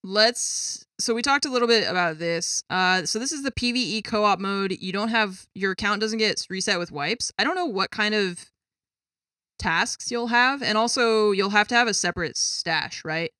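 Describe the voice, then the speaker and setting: A woman's voice: medium pitch, moderate pace, pushed and bright, no echo, clean studio sound. A woman streamer chatting casually to her viewers at her gaming desk at home, exasperated and swearing freely. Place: home gaming setup with a cat.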